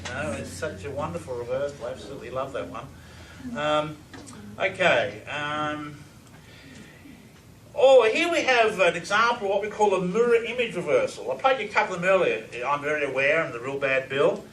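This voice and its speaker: A man lectures with eager energy and keeps turning to the audience with questions. His voice sits a bit high for a man. He is recorded from a distance in a reverberant room with a faint hiss behind him. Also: lively intonation, a little fast, fairly bright tone. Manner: enthusiastic, asks the audience questions. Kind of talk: presentation to a live audience. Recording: echoey room, distant mic, faint noise.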